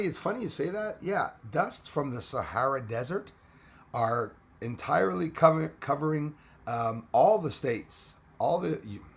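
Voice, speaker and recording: A man hosting a casual live stream chat, hoarse and losing his voice, greeting viewers by name. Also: fairly high pitch.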